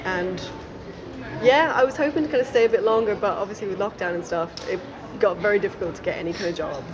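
A woman's voice: mid-range voice, fast talker, low-quality recording. Young woman with an Irish-tinged accent. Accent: Irish-tinged English. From Essex, England. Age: young adult. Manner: casual, says "like" and "um" often. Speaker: guest writer. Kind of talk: casual interview chat. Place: library café. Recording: busy café crowd behind.

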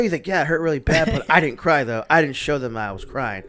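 This man in his thirties talks at a quick pace, his voice a little high, as he hosts a casual podcast. His storytelling is animated, heavy on swearing, with quotes acted out.

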